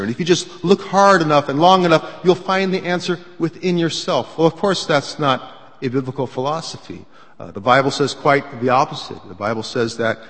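A man delivering a sermon in an earnest, conversational style, pausing often on small fillers. His voice sits at an ordinary middle pitch. It rings with the long reverb of a large hall. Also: fairly bright tone. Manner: earnest, conversational preaching with frequent "uh" fillers and personal testimony. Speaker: preacher.

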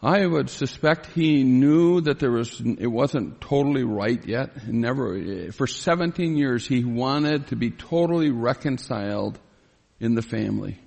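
A male pastor preaching through a scripture passage, reading verses and stopping to explain them. His mid-range voice carries a gravelly edge, and the sound hangs in the long reverb of a church hall. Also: mid-range voice, expressive, a little mellow. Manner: reads scripture aloud and pauses to explain, grows pleading when voicing Joseph. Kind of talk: expository Bible sermon.

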